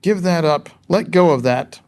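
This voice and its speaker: A man's voice: a little high, a little slow, a little mellow, clear, resonant tone. A man preaching a sermon in a conversational, emphatic way, asking rhetorical questions of his listeners.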